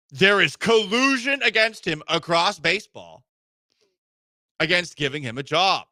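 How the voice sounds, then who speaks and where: Bright, joking sports radio host. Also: male voice, fairly high pitch, no echo, clean studio sound. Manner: joking, animated, emphatic. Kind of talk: casual sports talk radio. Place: radio studio.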